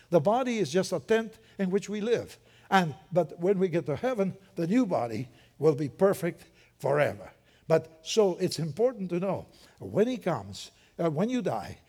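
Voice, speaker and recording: Older male preacher with a slightly high, mellow voice, chatty and joking from the pulpit. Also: breathy edge. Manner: lively, conversational, joking asides. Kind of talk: sermon.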